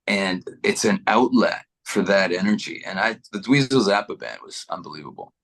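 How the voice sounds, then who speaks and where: A middle-aged man from Canada, a guitarist being interviewed, chatting in a relaxed, rambling way with many restarts. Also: deep voice, moderate pace. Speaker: guitarist guest. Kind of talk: casual interview chat.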